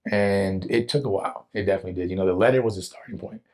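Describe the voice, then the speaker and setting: A young man telling a personal faith testimony in an earnest, animated way, with casual slang. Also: deep voice, racing. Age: young adult. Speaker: guest telling his testimony.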